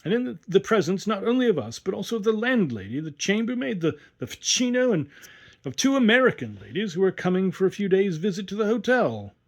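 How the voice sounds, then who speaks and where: A man giving an expressive storytelling reading, narrating a classic short story aloud. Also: high-pitched, a little fast. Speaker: audiobook reader. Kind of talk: scripted narration.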